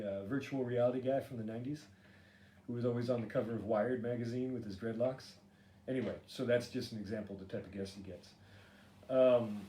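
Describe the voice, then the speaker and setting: A middle-aged man hosts a solo podcast, rambling with filler words, sarcastic and swearing freely. His voice is medium-pitched and warm, recorded in an echoey room with faint ambient noise.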